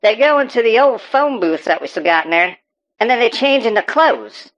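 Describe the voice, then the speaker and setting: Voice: medium pitch, expressive, moderate pace, a bit bright, natural voice. Performer doing Farmer Ted, a ranting farmer. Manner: rambling, profane, stammering rants. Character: paranoid rural male farmer ranting about super pigs. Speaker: interviewee on a call-in show. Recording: dull, muffled audio.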